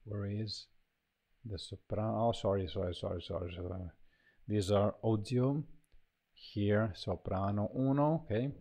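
A man walks through a choir sample library, talking casually and haltingly with many fillers and restarts. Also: fairly low pitch, creaky, dark tone. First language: Italian. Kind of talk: casual software walkthrough.

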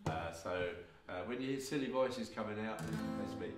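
A man's voice: lowish voice, lively intonation, moderate pace. A man from England introducing folk stories on stage, rambling with lots of fillers and wry asides. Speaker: folk storyteller and performer. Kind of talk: live stage storytelling introduction. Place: live music venue. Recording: echoey hall, mic from far off, guitar faint behind.

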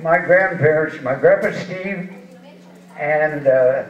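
An eastern Washington man in his eighties, inducted into a rodeo hall of fame, chuckles through folksy, rambling rodeo anecdotes during an onstage interview. His voice is slightly high and slow. The hall recording is distant, echoey and dull.

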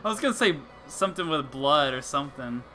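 A man's voice: a little high, lively intonation, fast, pushed and bright, a little hiss or hum. A man giving casual, joking let's-play commentary, swearing often and restarting his sentences. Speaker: gamer playing through a game.

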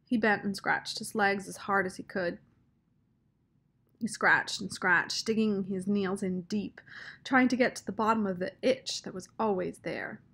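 Slow, gravelly woman narrator. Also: medium pitch, a bit bright. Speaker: audiobook narrator. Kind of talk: storybook narration.

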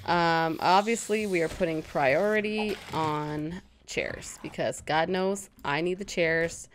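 A woman hosting a casual let's-play, chatty and self-mocking, quickly startled into yelps. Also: fairly low pitch, slight background noise. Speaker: gaming channel host.

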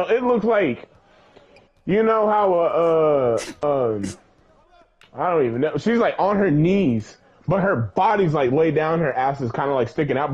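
A young man telling a story in casual chat, profane and rambling, with an animated way of retelling. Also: on the high side, slightly rough. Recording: dull lo-fi recording.

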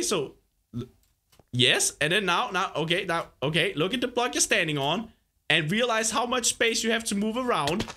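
Animated young man coaching a gamer. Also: sits high. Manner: excitable and animated, laughs often, coaches patiently. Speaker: gaming host. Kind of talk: gaming commentary, coaching a player.

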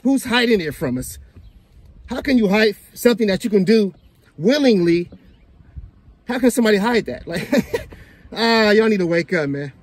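A man hosting a casual reaction video, animated and laughing as he talks straight to his viewers. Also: high-pitched, normal speed, long pauses. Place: outdoors in the sun.

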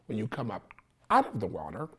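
Insistent low-voiced male preacher. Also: huge pitch swings, fairly quick, a bit bright, slightly rough. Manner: repetitive, insistent teaching with frequent "okay?" check-ins. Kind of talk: sermon.

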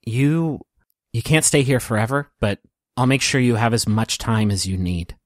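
A man voicing a kindly grim reaper who speaks in a quiet, reassuring way. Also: medium pitch, moderate pace, dry recording, studio quality, close to an everyday voice.

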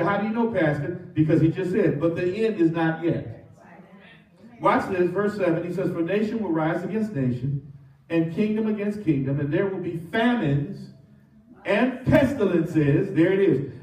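A man's voice: high voice, a little mellow. A man preaching a sermon as pastor, leading his congregation to repeat phrases back to him. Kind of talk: call-and-response sermon. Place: church sanctuary. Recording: echoey church, mic from some distance.

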